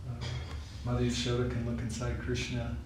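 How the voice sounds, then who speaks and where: A man leading a scripture study class, speaking slowly and softly, chuckling now and then as he explains. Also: mid-range voice, monotone, music in the background. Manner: slow, soft-spoken, chuckles while retelling stories. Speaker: class leader. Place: temple hall. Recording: echoey room, mic far off, noisy.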